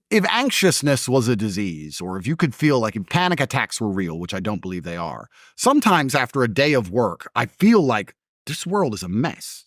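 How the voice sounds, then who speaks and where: A man's voice: medium pitch, no room sound, clean studio sound. A man in a casual conversation, telling stories in a blunt, combative way. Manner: animated storytelling, blunt and combative. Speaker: interview host.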